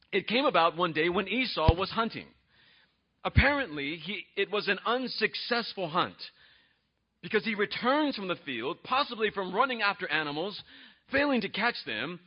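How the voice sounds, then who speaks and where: A male pastor preaches in a church, his voice lively and swinging widely in pitch as he draws the congregation in with questions. His tone is husky and a bit breathy, and the recording sounds dull and lo-fi. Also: moderate pace. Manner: animated, conversational, asks the congregation questions. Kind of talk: sermon.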